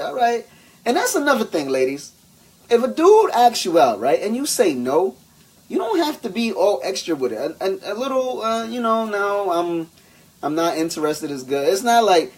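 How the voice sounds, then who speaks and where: A man co-hosting a podcast in casual banter, animated and slangy, acting out the quotes in his stories. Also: high voice, moderate pace, breathy edge. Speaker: podcast co-host.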